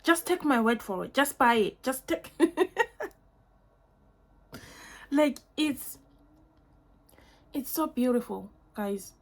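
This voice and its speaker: A woman's voice: sits high, expressive, slow, long pauses. A young woman in a casual perfume unboxing review at home, gushing and effusive, full of fillers and repeats. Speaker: beauty vlogger.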